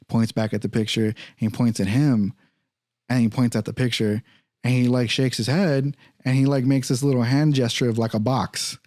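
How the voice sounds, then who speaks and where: This podcast host's medium-pitched voice comes through at studio quality with no room sound. Swearing freely and animated throughout, he spins a casual story and performs what other people said in their own voices.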